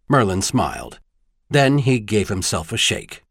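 A man reading an audiobook in expressive scripted narration. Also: fairly low pitch, moderate pace, no echo, studio quality.

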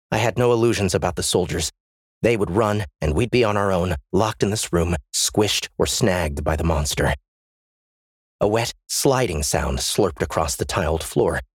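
A man's voice: low-pitched, slightly rough, no echo, studio quality. A man narrating a first-person story as an audiobook, in a tense, dramatic reading.

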